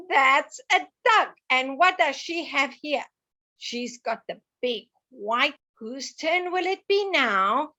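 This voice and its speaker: Woman, children's lesson, high bouncy voice, slow patient delivery, bright tone. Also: big pitch swings. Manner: sing-song, coaxing, asks young listeners questions. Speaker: teacher.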